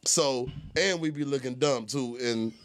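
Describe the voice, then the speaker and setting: A man co-hosting a podcast in casual chat, loud and profane, laughing often. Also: medium pitch, unhurried. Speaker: podcast co-host.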